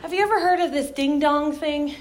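A woman voicing her puzzled, naive husband in a quick aside, a little higher and louder than her usual talk. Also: lightly acted. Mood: bemused. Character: puzzled adult man, the speaker's husband.

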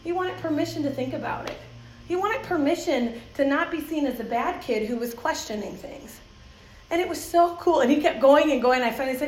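A woman's voice: high voice, brisk, slight background noise. A woman giving a church talk about children's ministry, telling stories with frequent laughter and acting out the voices of people she quotes. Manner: lively, laughs often, acts out voices in quotes. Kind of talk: talk to a church audience, with anecdotes. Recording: roomy echoey hall sound.

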